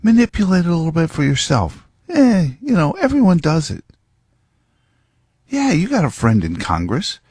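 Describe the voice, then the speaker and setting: A man's voice: a little high, huge pitch swings, moderate pace, darkish tone, breathy edge, no room sound, studio quality, voice pushed up, heavily acted. A man voicing a sly male devil who whispers temptations in a coaxing, wheedling way.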